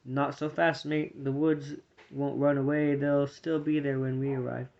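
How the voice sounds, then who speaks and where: A man voicing a steady male warrior squirrel who leads with calm, plain commands, reading a storybook aloud. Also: medium pitch, unhurried, gravelly, highs cut off.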